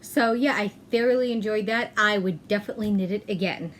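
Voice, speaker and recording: A woman hosting a knitting podcast, chatting casually, often pausing with "um" and correcting herself mid-sentence. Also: medium pitch, slight background noise. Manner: chatty, self-correcting, frequent "um". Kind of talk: casual chat.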